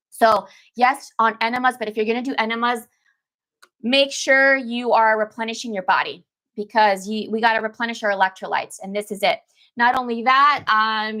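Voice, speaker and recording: A woman's voice: a little high, sharp tone. A woman detox coach, talking casually to her viewers in an emphatic way, repeating phrases and calling them "baby" and "girl". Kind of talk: casual live-stream talk to viewers.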